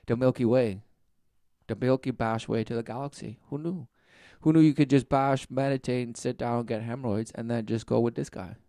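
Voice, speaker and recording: Mocking man with a gravelly voice. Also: medium pitch, warm tone, no echo, studio quality. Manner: mocking, rambling, repetitive. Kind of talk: sarcastic commentary.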